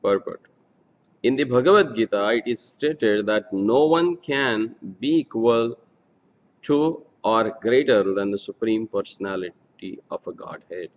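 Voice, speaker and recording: A man reads scripture at an unhurried, deliberate pace, chanting each verse several times before translating it word by word. His voice sits at an ordinary middle pitch. The sound is muffled and lo-fi, with a long reverb trailing behind it. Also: expressive. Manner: slow, measured recitation, verses repeated several times. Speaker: scripture reader and speaker. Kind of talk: scripture reading with Sanskrit chanting.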